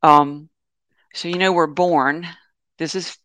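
Man with a smooth, fairly high voice. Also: fairly even intonation, slow pace, a bit bright, dry recording. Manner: meandering, self-correcting storytelling with many fillers. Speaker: presenter of an online talk on animals. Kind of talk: informal webinar talk with slides.

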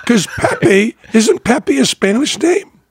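A man's voice: very high-pitched, sing-song, takes it slowly, husky, no echo, clean studio sound. A man hosting a podcast, chatting casually and joking, often laughing and hamming up a French accent. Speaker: podcast host. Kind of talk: casual chat.

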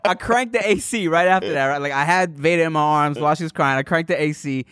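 A man co-hosting a podcast, telling stories in casual chat, slangy and animated, acting out his own reactions. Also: fairly high pitch, quick pace, clean tone, no room sound, clean studio sound. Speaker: podcast co-host.

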